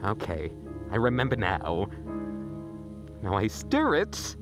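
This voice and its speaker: Talking into his phone camera in snowy woods after dark, a young man rambles through a comedic, mock-dramatic vlog. His pitch swoops wildly as he speaks slowly over music.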